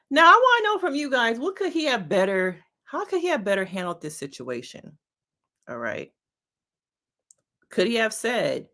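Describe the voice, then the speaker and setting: Lively, bright-voiced woman therapist chatting. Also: fairly low pitch, moderate pace, pauses often. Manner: expressive, chatty, talks straight to viewers; slangy and playful. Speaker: licensed therapist reacting to a reality show. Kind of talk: casual reaction commentary.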